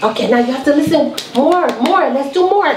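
A woman teaching a young child with a slow, sing-song and encouraging manner, full of praise. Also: high voice, reverberant, background noise.

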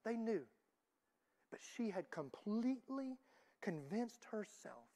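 A woman preaching a sermon in a church, moving between loud emphatic lines and soft, hushed ones. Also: on the high side, sing-song, slow pace, long pauses.

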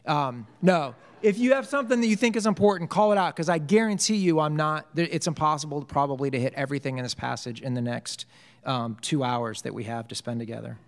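In a church hall, a man with a somewhat high voice leads a casual Bible study at a brisk pace, joking around and quizzing the group conversationally. A long reverb tail follows his words.

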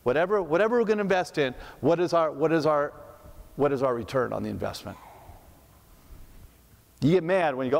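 Male pastor, slightly high voice, chatty preaching full of rhetorical questions, long sanctuary reverb. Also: expressive, fairly quick, vocal fry, long pauses. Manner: conversational, asks rhetorical questions, repeats words. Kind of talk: sermon. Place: church sanctuary.

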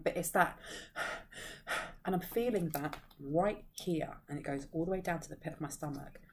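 Woman, tarot reader and medium, lower register, meandering delivery with sighs, reading to camera. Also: gravelly, slight background noise. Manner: rambling, searches for words, frequent sighs. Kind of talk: intuitive tarot reading to viewers.

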